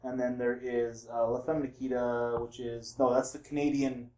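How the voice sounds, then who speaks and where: A man's voice: mid-range voice, little pitch movement, normal speed, darkish tone. A man co-hosting a podcast who reviews films, correcting and explaining details in casual chat. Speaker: podcast co-host, film reviewer. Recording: echoey room with faint noise.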